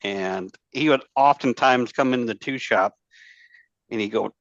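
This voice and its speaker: A man's voice: mid-range voice, normal speed, a bit bright, dry recording. A man telling war stories as a podcast guest, rambling and profane, with lots of fillers and restarts. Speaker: podcast guest, former Marine. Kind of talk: casual storytelling chat. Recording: dull lo-fi dry sound.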